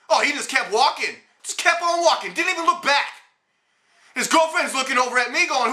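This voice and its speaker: A man's voice: very high-pitched, expressive, fast, bright, forceful tone, echoey room. A man hosting a political commentary show, ranting in a blunt, indignant and sarcastic way.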